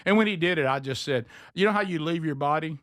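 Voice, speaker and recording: Male talk host, high voice, dry close sound, animated storyteller who mimics others. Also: fast talker, no room sound. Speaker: radio show host. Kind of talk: storytelling on a morning show.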